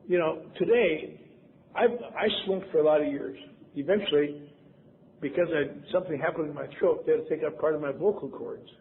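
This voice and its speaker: A man's voice: fairly high pitch, a little fast. A man in his seventies from Wisconsin, giving a convention talk in a wry, self-mocking storytelling manner. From Wisconsin, USA. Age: 70s. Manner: wry, self-mocking, acts out quoted voices. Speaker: convention speaker. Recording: lo-fi tape, phone-like, faint hiss.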